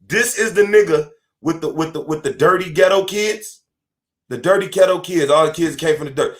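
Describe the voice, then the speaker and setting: A man's voice: on the high side, moderate pace. A man hosting a podcast, delivering an angry, profane and confrontational monologue from home. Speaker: podcast host.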